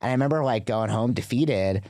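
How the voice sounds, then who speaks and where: A man's voice: medium pitch, fairly quick, dry recording, studio quality. A man as a podcast guest, telling a story in a casual, chatty way with lots of fillers. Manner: chatty, filler-heavy, animated retelling.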